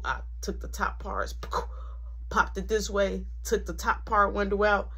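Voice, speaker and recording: A woman vlogger telling a storytime tale in an animated way, often dropping into whispers. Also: medium pitch, measured pace, slightly rough. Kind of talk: storytime vlog.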